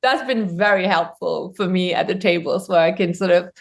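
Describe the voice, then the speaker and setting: A woman's voice: fairly low pitch, moderate pace. A woman from Germany, a guest author on a podcast, telling stories in a chatty way with many ums and restarts. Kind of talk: podcast interview.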